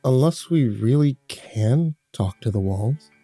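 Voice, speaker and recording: A man playing a frantic husband and father in a horror story reading, sharp and commanding. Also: medium pitch, takes it slowly, slightly rough, no room sound, faint music behind, heavily acted. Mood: tense. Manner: bursts into shouting, then calms.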